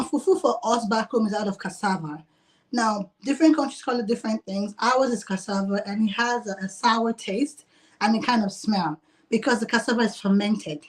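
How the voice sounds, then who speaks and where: A woman who owns a restaurant, chatting in a casual interview over a video call, laughing often and filling her talk with "like". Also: medium pitch. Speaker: restaurant owner.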